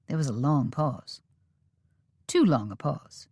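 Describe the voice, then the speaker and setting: A woman reading a western romance audiobook in measured, steady storytelling. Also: low voice, slightly rough, no echo, studio quality. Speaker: audiobook narrator. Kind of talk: scripted audiobook narration.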